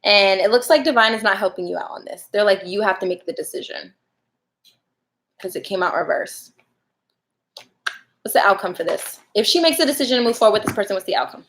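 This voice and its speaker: A woman's voice: medium pitch, lively intonation, fairly quick, long pauses, fairly bright tone. Chatty woman reading tarot live. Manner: chatty, laughs often, talks to viewers. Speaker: tarot reader.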